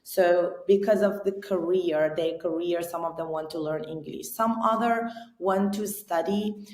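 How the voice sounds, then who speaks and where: A woman's voice: on the low side, measured pace, a little mellow. A woman with a Persian accent who teaches English, answering interview questions earnestly and restarting words as she searches for them. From Iran. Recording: roomy echo.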